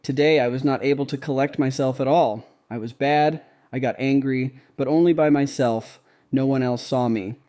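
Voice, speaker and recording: A man reading a devotional diary aloud in first person, calm and measured. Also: mid-range voice. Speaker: narrator.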